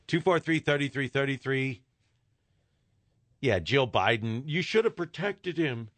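Radio host, male, jovial and laughing, unhurried delivery, very expressive pitch, dry studio sound. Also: dry recording. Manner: jovial, laughs easily, repeats the phone number. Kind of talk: live call-in joke segment. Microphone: studio microphone.

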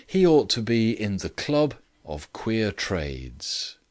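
A man voicing an exultant gentleman who speaks in a grand, chanting way with slow emphasis. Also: fairly low pitch, very animated, dry recording, clean studio sound.

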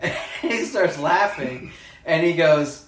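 Animated storytelling man, echoey room. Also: fairly high pitch, slow pace. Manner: animated storyteller, acts out voices, laughs often. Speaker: podcast co-host. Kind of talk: casual chat.

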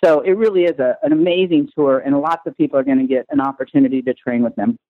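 A woman's voice: rumbling low, fast, no echo, phone-quality sound. A woman guest in a conversational interview, talking with enthusiasm and at length. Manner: enthusiastic, talkative. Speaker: guest, tour organizer.

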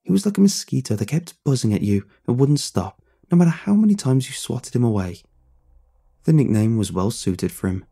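A man narrating a first-person story in a measured, somber way. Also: mid-range voice, sing-song, creaky, mellow, breathy edge.

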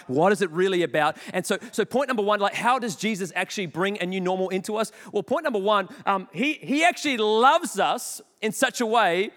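A man, preaching a sermon. He tells stories in an animated, jokey, self-deprecating way, with sudden loud bursts. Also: sits high, quick pace. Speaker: pastor. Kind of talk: sermon with storytelling. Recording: long hall reverb.

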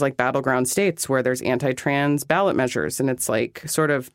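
A podcast guest talking candidly about personal experiences, animated and full of "like" fillers. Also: mid-range voice, clear, resonant tone, no echo, clean studio sound. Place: New York City.

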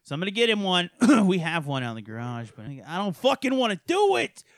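A man's voice: sits high, wildly swooping pitch, fairly quick, no room sound, studio quality. A man co-hosting a podcast, ranting and swearing in crude casual chat, laughing often. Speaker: podcast co-host.

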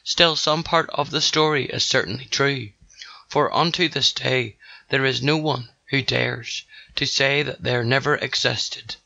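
A man with a gravelly voice narrating a rhymed storybook in a sing-song delivery. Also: mid-range voice, fairly even intonation, a little slow, bright, forceful tone, no echo, muffled recording.

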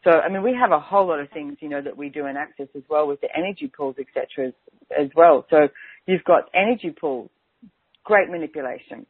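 A woman's voice: sits low, fast, breathy edge. A woman hosting a radio talk show, chatting casually and filling her speech with "and it's like". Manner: chatty, keeps saying "and it's like". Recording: tinny phone-like line, dry.

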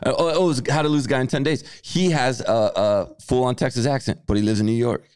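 A man's voice: mid-range voice, fast, clean tone, no echo, studio quality. A man with a Mexican accent co-hosting a podcast, chatting casually and joking around. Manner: animated, playful, jokes around. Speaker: podcast co-host. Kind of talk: casual chat.

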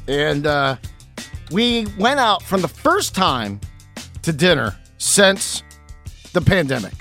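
Animated high-voiced man telling a story. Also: takes it slowly, soft background music. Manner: animated, laughing, voice jumps high on dramatic beats. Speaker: radio show regular. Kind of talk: casual storytelling.

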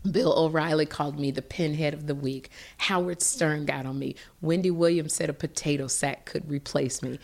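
A middle-aged woman, a guest in an interview, telling a personal story in an animated, emotional way with frequent restarts. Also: sits low, normal speed, vocal fry, few pauses.

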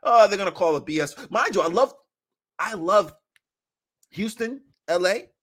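A man in casual sports podcast chat, animated and laughing, acting out quotes as he talks basketball. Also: high-pitched, normal speed.

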